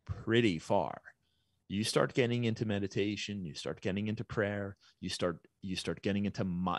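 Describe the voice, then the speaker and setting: A business owner guesting on a podcast explains ideas thoughtfully through everyday analogies in a reflective, conversational interview. His voice is on the low side, recorded dry with studio quality.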